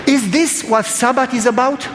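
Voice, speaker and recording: A man's voice: very high-pitched, steady tone, normal speed, in a large hall, noisy background. A man preaching a sermon in a church, telling stories in an emphatic, conversational way.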